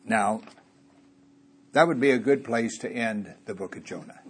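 A man's voice: mid-range voice, a little slow, a little hiss or hum. A man preaching a conversational sermon in a church, asking his listeners rhetorical questions and chuckling now and then.

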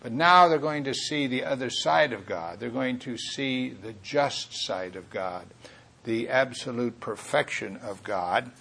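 A man's voice: medium pitch, unhurried, vocal fry, sharp tone, slightly rough. A man preaching a Bible teaching sermon, earnest and rambling, often correcting himself mid-thought.

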